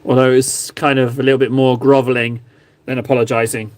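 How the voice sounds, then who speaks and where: A man's voice: medium pitch, level tone, fairly quick. A man streaming live, chatting casually and joking with his viewers while painting miniatures. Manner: chatty, jokey, mock-grovelling. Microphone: phone camera.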